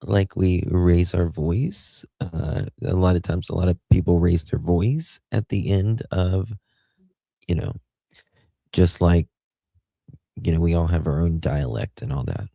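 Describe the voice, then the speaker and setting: Gravelly, deep-voiced man rambling. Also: unhurried, mellow, no echo. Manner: opinionated, rambling with many restarts. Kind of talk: casual chat.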